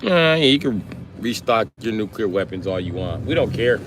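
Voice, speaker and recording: A man's voice: fairly low pitch, lively intonation, moderate pace, background noise. Profane man riffing on a stream. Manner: profane, riffing, jumps in and out of voices. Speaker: comedian streamer. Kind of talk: profane comedic riffing on a livestream.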